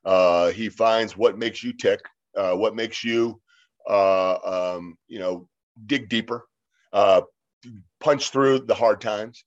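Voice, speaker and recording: Man, fifties, low voice, rambling anecdotes, filler words, a bit muffled. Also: slow pace. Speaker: interview guest. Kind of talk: casual storytelling. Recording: slightly dull lo-fi sound.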